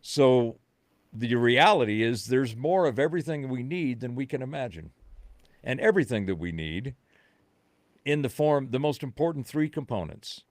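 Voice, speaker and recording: A man's voice: mid-range voice, lively intonation, normal speed, no room sound. A man, a podcast guest, explaining his views in an emphatic, conspiratorial way. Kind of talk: casual chat.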